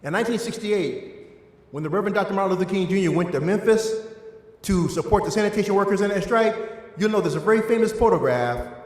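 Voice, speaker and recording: Man, Eastern Shore Maryland accent, church class teacher, emphatic lecture, fairly high voice, echoey hall. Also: expressive, fast talker. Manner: emphatic, rising and falling for stress. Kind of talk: adult education lecture. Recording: echoey hall with long reverb.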